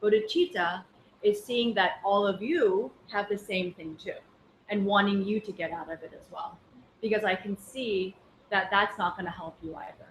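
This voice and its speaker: A woman's voice: medium pitch, normal speed, a bit bright, a little hiss or hum. A woman teaching a Buddhist class in a chatty, anecdotal way full of fillers. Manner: conversational, anecdotal, many fillers. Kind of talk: casual dharma class talk. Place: class room. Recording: echoey room with faint ambience.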